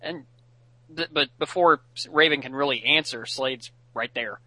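Bright-voiced man carefully recapping a cartoon. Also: medium pitch, moderate pace, no room sound, rough recording. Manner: careful, corrects details of the plot. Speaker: podcast co-host. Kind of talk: casual episode recap chat.

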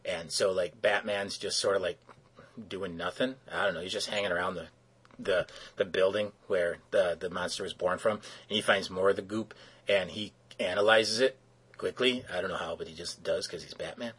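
A man's voice: low voice, fairly even intonation, normal speed, a bit bright, husky. A man co-hosting a podcast, recapping a cartoon episode in a rambling, sarcastic casual way. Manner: rambling, sarcastic, many restarts. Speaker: podcast co-host.

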